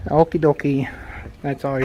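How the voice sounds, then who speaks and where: A man's voice: fairly high pitch, level tone, a little slow, mellow, a little hiss or hum, rough recording. Rambling middle-aged man vlogging outdoors. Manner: rambling and chatty, with lots of fillers and joking asides. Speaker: travel vlogger and channel host. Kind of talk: casual walking commentary. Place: outdoors on a city sidewalk, then in a small car. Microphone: handheld phone camera.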